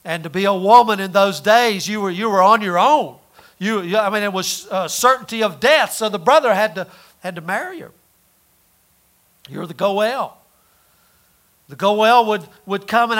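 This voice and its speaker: A man preaching a sermon in a folksy way, full of rhetorical questions and repeated words, rising loud and dropping soft. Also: sits high, normal speed, long pauses.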